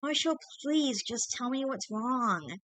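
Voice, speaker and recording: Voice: high-pitched, animated, slow pace, a bit bright, no room sound, voice pushed up, exaggerated voice. A reader voicing a young woman who pleads tearfully with her boyfriend. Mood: tearful pleading.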